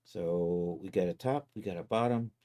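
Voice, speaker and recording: Easygoing male streamer, low mellow voice, thinks aloud in a casual sign-off chat. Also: normal speed. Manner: easygoing, thinks aloud while clicking around.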